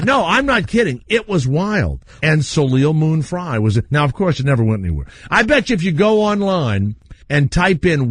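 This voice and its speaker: A man's voice: on the high side, normal speed, breathy edge. A middle-aged man hosting a radio show, telling stories in casual chat and laughing often. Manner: animated storyteller, laughs often. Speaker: radio host.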